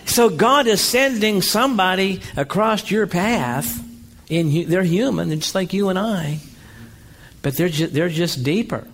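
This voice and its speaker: A male pastor preaching an energetic sermon, telling stories and calling for amens. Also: high voice, measured pace, slight background noise. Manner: energetic, calls for amens, storytelling.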